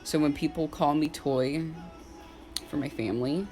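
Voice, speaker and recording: A woman's voice: sits low, a little slow, long pauses, dark tone. Woman, 20s, casual personal vlog, candid and filler-heavy, faint music behind. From Southern United States. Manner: openly emotional at times. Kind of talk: personal vlog, talking to camera.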